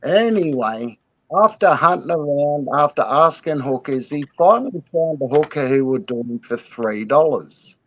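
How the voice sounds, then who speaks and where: A man telling an old joke in a slow, drawling way. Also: a little high, animated, a bit bright, dull audio.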